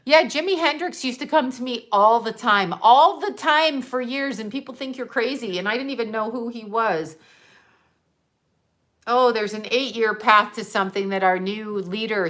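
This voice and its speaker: Bright-voiced chatty older woman rambling. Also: fairly high pitch. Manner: chatty, laughs often, swears, drifts between topics. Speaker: psychic vlogger. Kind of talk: casual rambling monologue.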